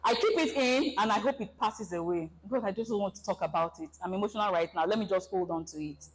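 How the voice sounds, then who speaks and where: Woman, seminar presenter, lively, dramatizes scenarios, mid-range voice. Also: medium pitch, quick pace, slight background noise, low-quality recording. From Nigeria. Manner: animated, acts out scenarios. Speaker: relationship seminar speaker. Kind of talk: presentation talk to an audience.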